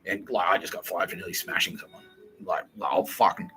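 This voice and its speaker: Young man, cursing podcast host, sharp, tense voice, lowish pitch. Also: a little fast, soft background music, poor audio. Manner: rambling, profane, laughs a lot. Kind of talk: casual comedic monologue.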